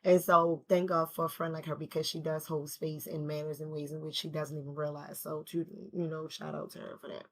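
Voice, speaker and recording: A woman's voice: low voice, level tone, a little fast, hardly any pauses. A woman rambling through a casual, slangy story in a personal video, grieving and emotional, the mother of a teenage son. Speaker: vlogger.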